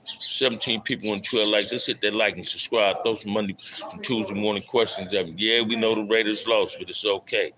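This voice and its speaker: Reading chat aloud on a casual live stream, this middle-aged man speaks briskly in a fairly low, steady voice. He keeps repeating himself and shouting out viewers in loose street slang over a noisy background.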